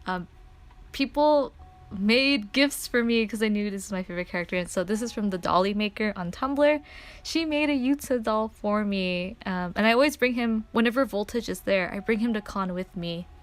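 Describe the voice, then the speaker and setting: Excitable young woman streamer chatting. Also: mid-range voice, moderate pace. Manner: excitable, laughs often, says "like" a lot. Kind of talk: casual story time chat.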